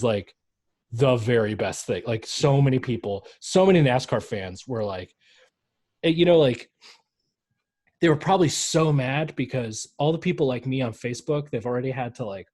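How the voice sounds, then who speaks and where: A man co-hosting a casual sports podcast, animated and mocking, who often jumps into exaggerated voices. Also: medium pitch. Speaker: podcast co-host. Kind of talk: casual chat.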